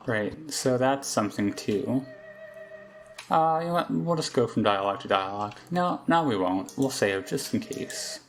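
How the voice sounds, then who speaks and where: A man's voice: mid-range voice, animated, normal speed, slight background noise. A man giving casual let's play commentary, thinking aloud and hesitating as he plays. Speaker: gameplay commentator.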